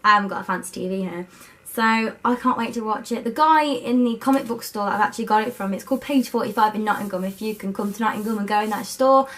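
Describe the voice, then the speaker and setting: A woman's voice: mid-range voice, quick pace, a bit bright. A young woman vlogging about books to her camera at her student home, bubbly and overexcited. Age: young adult. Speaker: book vlogger. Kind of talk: casual chat to camera. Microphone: camera set up by herself.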